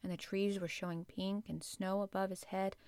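A woman reads a storybook aloud with gentle, measured narration. Her pitch sits in the middle range. The sound is dry and close. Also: flat delivery, no echo. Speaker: audiobook reader.

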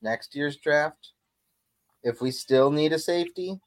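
A co-host in a relaxed sports podcast who chimes in with dry, wry asides. The voice is recorded close and dry, with little room sound. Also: medium pitch, a little slow, no echo, poor audio. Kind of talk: casual sports chat.

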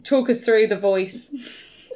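A woman's voice: a little high, slow, mellow. A woman hosting a podcast in casual, chatty talk, laughing often as she tells stories. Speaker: podcast host.

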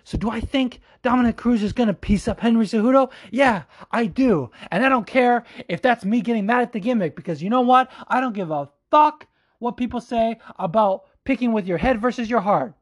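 A man giving a heated, profane opinion rant as a fight commentator, talking quickly and calling the listener "dude" over and over. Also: very high-pitched. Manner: profane, fired-up, says "dude" a lot; quick, animated delivery. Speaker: MMA commentator.

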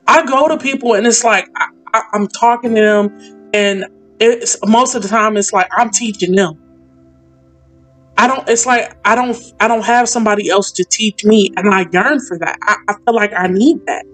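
A woman's voice: medium pitch, moderate pace, fairly bright tone. Woman hosting a faith chat, emotional, says y'all a lot, faint music under. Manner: emotional, repeats herself, calls listeners y'all and sis. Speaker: podcast host.

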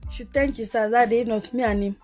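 A young woman with a Nigerian accent, a podcast co-host, speaks with a somewhat high voice. She tells her stories in an animated, exasperated way, and faint music plays underneath. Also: quick pace. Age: young adult. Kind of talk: casual chat.

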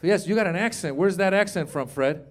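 A fifties-aged comedian performs stand-up in a club, bantering with the audience and playing characters with animated energy. He speaks fairly quickly in a high-pitched voice, with a little hiss or hum on the audio.

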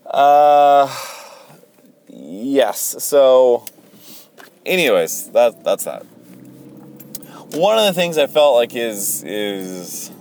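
A man's voice: mid-range voice, very animated, extremely slow, long pauses, darkish tone, a little hiss or hum. A man hosting a Christian podcast, speaking in a rambling, hesitant, casual monologue full of fillers and restarts.

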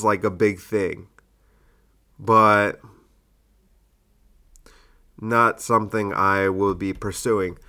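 A man's voice: on the low side, fairly bright tone. A man hosting a solo comedy podcast, musing aloud in a self-deprecating way.

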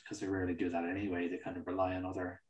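A man's voice: low voice, completely flat delivery, rapid-fire, reverberant, dull audio, a crowd in the background. A man co-hosting a film podcast, talking casually and animatedly, swearing and acting out mocking quotes. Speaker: podcast co-host.

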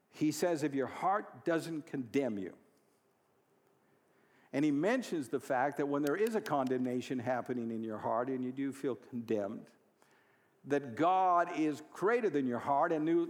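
A pastor preaching a sermon, moving from quiet storytelling to loud, fervent exhortation. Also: male voice, medium pitch, moderate pace, long reverb tail. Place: church hall.

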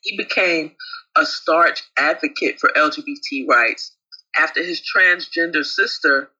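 A man co-hosting a casual talk show, chatty and affectionate, with a husky voice. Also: a little high, unhurried, bright, forceful tone, highs cut off. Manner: chatty, calls co-host babe. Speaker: co-host. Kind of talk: casual chat.

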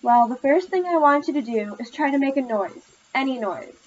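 A patient female tutor from a storybook, cheering her student on, voiced by a woman reader. The voice sits a little high and gentle. The recording is somewhat dull and lo-fi. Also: lively intonation, normal speed. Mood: encouraging. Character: patient encouraging woman tutor teaching speech. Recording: slightly muffled lo-fi recording.

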